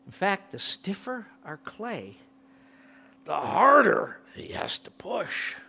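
A middle-aged male pastor preaching an impassioned sermon, swinging from loud peaks to near-whispers. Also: sits high, big pitch swings, takes it slowly, gravelly, breathy edge.

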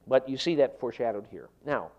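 Animated preacher man with a lively voice. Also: medium pitch, lo-fi sound. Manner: animated, emphatic, with quick rushes and slow stressed phrases. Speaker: preacher teaching on a parable. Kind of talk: expository sermon.

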